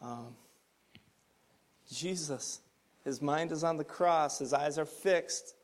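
Earnest preacher man, slightly high voice. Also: slow pace. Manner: earnest, builds to emphatic points then drops soft. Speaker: pastor. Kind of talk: sermon.

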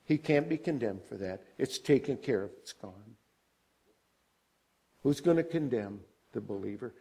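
Animated yet a little slow, an older man with a slightly rough voice preaches and asks the congregation questions. He builds high and loud on key points, then lowers to a soft, quiet tone.

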